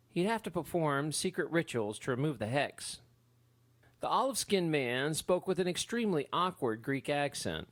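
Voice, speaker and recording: A male audiobook narrator reads the story with a lively, rising-and-falling pitch. His voice sits in a middle register and is recorded dry and close. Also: no echo. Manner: expressive storytelling.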